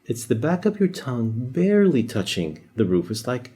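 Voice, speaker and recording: A man's voice: medium pitch, very animated, moderate pace, warm tone, breathy edge. A man teaching a language lesson, explaining patiently, demonstrating sounds and joking lightly. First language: Arabic. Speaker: Arabic teacher. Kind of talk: casual whiteboard lesson.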